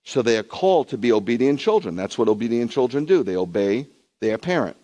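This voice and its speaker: With a sing-song, fairly quick delivery, this rabbi addresses his streamed congregation in a conversational way, talking to people watching from home. Every so often his preaching climbs into loud, high, emphatic bursts.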